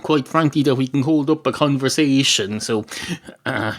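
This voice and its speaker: A man's voice: mid-range voice, normal speed, natural voice. An Irish man voicing a pedantic, argumentative talking penguin in a comic podcast joke, talking in a fussy, lecturing way.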